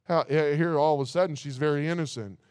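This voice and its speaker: High, smooth-voiced preacher. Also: male voice, steady tone, fast talker, darkish tone, no echo, studio quality. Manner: reads scripture aloud, breaks off with rhetorical asides. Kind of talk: sermon.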